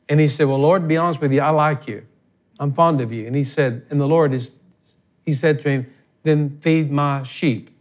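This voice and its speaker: An older male pastor delivers a sermon in a notably high voice. He talks in a folksy, plain-spoken way and pushes his points bluntly. His delivery swells into emphatic bursts when he presses a point. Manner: folksy, blunt, emphatic preaching with rising outbursts.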